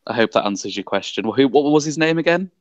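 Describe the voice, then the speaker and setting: A man's voice: mid-range voice, expressive, fast, no room sound, muffled recording. Articulate young man with a posh English accent. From Leeds, England. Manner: articulate, self-deprecating, laughs often. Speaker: councillor guest. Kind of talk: casual interview chat.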